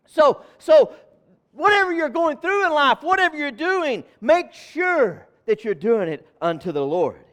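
A high-voiced man preaching as pastor in a church. He repeats words and phrases, swinging from loud, ringing calls down to near-murmurs, and breaks out in fervent exclamations. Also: big pitch swings, normal speed, few pauses. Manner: moves around while preaching. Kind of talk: sermon.

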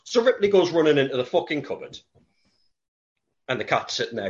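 A man's voice: a little high, sing-song, brisk, pauses often, dull audio. A man telling a film story as a comic, profane rant, full of put-on voices.

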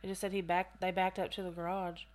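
A woman's voice: on the low side, flat delivery, fast talker. Woman reading out case notes on a chill podcast, keeps going off on little side comments. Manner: reads case notes aloud with chatty asides and laughs. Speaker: podcast co-host. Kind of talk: casual true-crime podcast reading.

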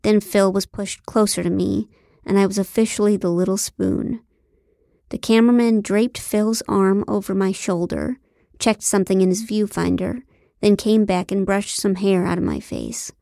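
A woman narrating a comic novel in the first person, with a deadpan, wry delivery. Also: medium pitch, normal speed, gravelly, no room sound, studio quality. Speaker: audiobook narrator.

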